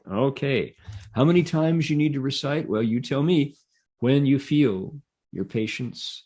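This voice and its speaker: A man giving a Buddhist dharma talk, telling a story with animated delivery and leading mantra chants. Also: medium pitch, unhurried, breathy edge.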